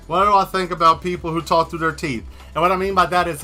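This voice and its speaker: A man's voice: fairly high pitch, a little fast, hardly any pauses, bright, forceful tone, faint music behind. A man hosting a casual livestream while he draws, joking and rambling straight to his viewers. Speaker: livestream host painting and answering chat.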